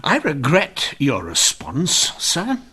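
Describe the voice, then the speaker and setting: An actor playing a proud, formal police inspector in a radio drama. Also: male voice, fairly high pitch, huge pitch swings, takes it slowly, bright, forceful tone, breathy edge, full character voice. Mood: defiant. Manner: formal, clipped, reserved. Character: dogged, proud English police inspector, adult man.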